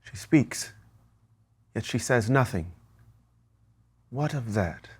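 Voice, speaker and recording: A male actor reciting Shakespearean verse as the lovestruck young Romeo, in a measured, lyrical delivery. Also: mid-range voice, lively intonation, darkish tone, breathy edge, exaggerated voice.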